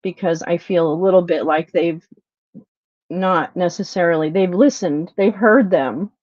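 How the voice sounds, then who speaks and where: A middle-aged woman hosting a livestream, venting with a lot of swearing, then apologizing and dropping to quiet mutters. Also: on the low side, a little slow, no room sound. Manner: frustrated, profane, apologetic, swings between loud venting and quiet muttering. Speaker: livestream host. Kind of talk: unscripted livestream rant. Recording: dull, lo-fi, dry livestream audio.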